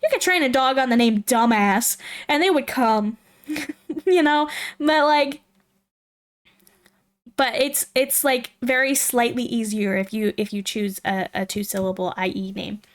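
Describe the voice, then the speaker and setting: A woman's voice: fairly high pitch, unhurried. A young woman streamer chatting casually and rambling aloud while she plays a game, with frequent giggles. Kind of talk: casual livestream chat while playing a game.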